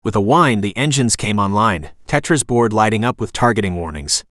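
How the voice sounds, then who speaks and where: A man's voice: lowish voice, animated, a little fast, fairly bright tone, no room sound, clean studio sound. Man narrating a sci-fi audiobook.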